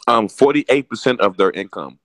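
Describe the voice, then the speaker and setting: A man co-hosting a casual gaming podcast, talking in a halting way with many restarts and ums. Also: medium pitch, expressive, fairly bright tone, dry recording. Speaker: podcast co-host.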